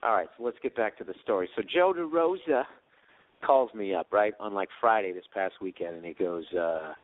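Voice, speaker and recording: A man's voice: fairly low pitch, moderate pace, no room sound. A man hosting a podcast, telling profane stories in a casual, rambling monologue and acting out the voices of other people. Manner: profane storytelling, acts out quotes. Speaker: podcast host. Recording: dry tinny phone-like sound.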